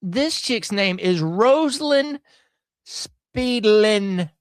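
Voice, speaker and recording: Laughing his way through news clips, a show host delivers sarcastic, slang-heavy commentary in a drawl. His voice is high-pitched and expressive, stretching out words, and the recording is dry.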